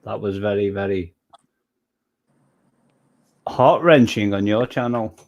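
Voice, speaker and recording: A man's voice: lowish voice, slow, highs cut off. A man hosting a casual livestream chat, rambling and self-deprecating, joking about himself as he goes. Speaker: livestream host.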